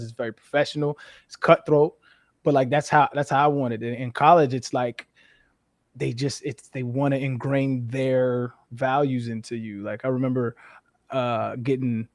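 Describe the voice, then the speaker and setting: A man in his thirties from New Mexico, a former football player, talking as an interview guest in a frank, profane way with lively storytelling. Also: mid-range voice, moderate pace, no room sound, studio quality. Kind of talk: casual interview chat.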